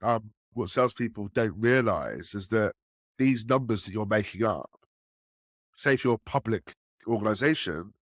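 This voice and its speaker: Animated male sales guest on a podcast. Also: moderate pace, no room sound, clean studio sound. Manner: animated, acts out quotes with raised pitch. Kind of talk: casual podcast storytelling.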